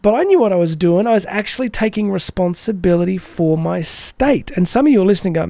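An energetic podcast host delivers a motivational show in a warm, mellow voice that sits fairly high. He chats fast with few pauses and some vocal fry, acting out the voices of the people he quotes. The recording is close and dry, with no room echo.

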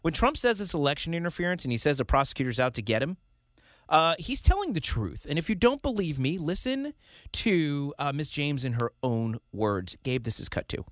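A man hosting a political talk show, opinionated and animated, often laughing and mimicking the people he criticizes. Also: fairly high pitch, moderate pace, no room sound, clean studio sound.

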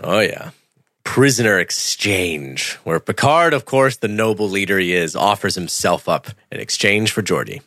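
A man with a bright, forward voice and a very animated pitch co-hosts a casual movie podcast. He jokes sarcastically and laughs easily, with a dry, close recording. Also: moderate pace, no echo. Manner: playful, sarcastic, laughs often. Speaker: podcast co-host. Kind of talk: casual movie commentary chat.

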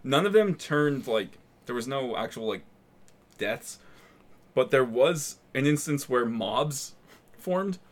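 A man co-hosting a casual horror movie podcast, relaxed and recounting facts he looked up, with frequent fillers. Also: medium pitch, takes it slowly. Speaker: podcast co-host presenting research. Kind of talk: casual chat.

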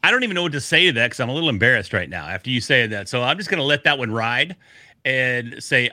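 A man's voice: on the low side, animated, fast talker, pushed and bright, no room sound. A man co-hosting a podcast in casual chat, upbeat and joking. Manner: upbeat, joking, easily laughing. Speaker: podcast co-host.

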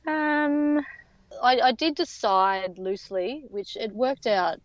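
A woman's voice: fairly high pitch, slow pace, dry recording. A woman, telling her story as an interview guest in a chatty way full of fillers and restarts. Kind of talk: casual storytelling. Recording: dull lo-fi sound.

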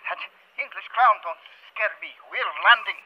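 An actor playing a sick, pleading Soviet submarine ensign. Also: male voice, sits high, moderate pace, lo-fi sound. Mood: defiant.

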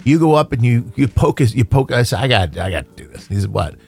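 A man's voice: mid-range voice, very animated, fast, gravelly, darkish tone, breathy edge. A man co-hosting a morning radio show, teasing and chatty, telling stories into a studio microphone.

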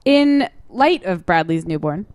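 A young adult woman co-hosting a casual chat podcast, telling stories with lively acted-out voices. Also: fairly low pitch, a little slow, dry recording. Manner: animated storyteller, acts out voices in anecdotes. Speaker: podcast co-host.

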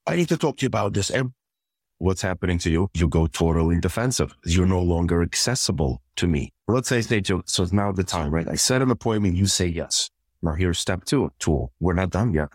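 A man, a couples therapist, calmly explaining communication steps in a podcast interview and acting out example exchanges. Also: low voice, fairly quick, dry recording. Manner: calm, methodical, walks through numbered steps and acts out example exchanges.

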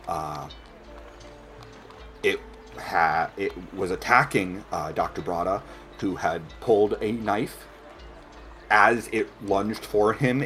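A man voicing a polite, burn-scarred blind assistant who speaks gently and stammers often. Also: low-pitched.

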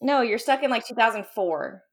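A woman's voice: on the high side, animated, normal speed. A woman co-hosting a casual podcast, blunt and teasing toward her friends. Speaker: podcast co-host. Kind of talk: casual chat.

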